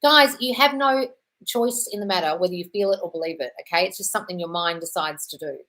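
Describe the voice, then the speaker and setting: A woman's voice: lowish voice, fast, a bit bright. A young British woman hosting a casual live Q&A, blunt and swearing freely, calling listeners darling. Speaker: host answering viewer questions.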